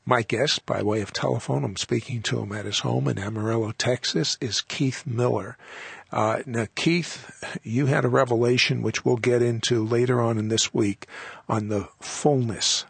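A man's voice: mid-range voice, steady tone, normal speed, gravelly, slightly rough, no echo. A man hosting a religious talk show, with a fervent, preacherly delivery. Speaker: radio talk show host.

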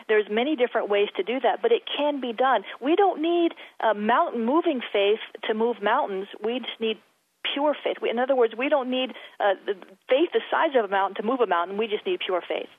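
A woman's voice: a little high, expressive, brisk, hardly any pauses, no echo. A middle-aged woman speaking as a guest in a Christian faith interview, earnest and repeating words as she starts. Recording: tinny phone-line sound.

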